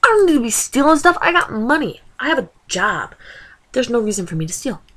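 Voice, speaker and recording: A woman's voice: fairly high pitch, big pitch swings, a little fast, a bit bright. A woman in her twenties ranting in a casual vlog, exasperated and full of rhetorical questions. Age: 20s. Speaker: vlogger.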